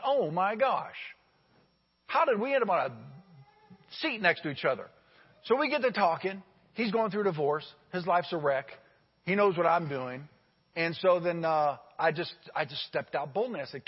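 A man preaches a sermon in a big hall, swinging from loud, lively storytelling to hushed asides. His voice sits a bit high and sounds breathy. The recording is dull and lo-fi, with a long reverb trailing behind him. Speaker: pastor.

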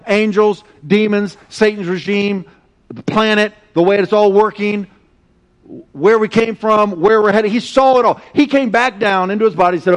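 Middle-aged male pastor, high-pitched, lively and chatty, leads call-and-response with the congregation. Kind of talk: sermon. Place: church sanctuary.

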